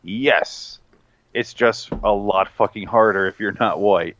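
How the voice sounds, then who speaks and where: A man's voice: on the low side, takes it slowly, a bit bright, muffled recording, slight background noise. A man hosting a podcast, talking bluntly and swearing through opinions. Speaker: podcast host. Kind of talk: casual chat.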